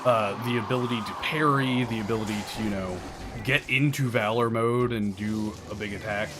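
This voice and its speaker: Over game music and a noisy background, a man with a fairly low voice talks at normal speed while streaming. He chats casually with viewers, explains tactics, and swears from time to time.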